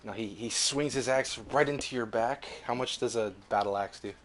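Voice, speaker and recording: A man's voice: medium pitch, moderate pace, fairly bright tone, slight background noise. A young man running a tabletop game as game master, narrating vividly, swearing freely and laughing between beats.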